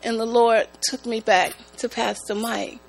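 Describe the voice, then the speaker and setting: A woman giving a church testimony, speaking in a slow, halting, emotional way. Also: fairly high pitch, creaky, faint music behind, rough recording. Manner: slow, halting, emotional, prone to rising excitement. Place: church sanctuary. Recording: mains hum in the background.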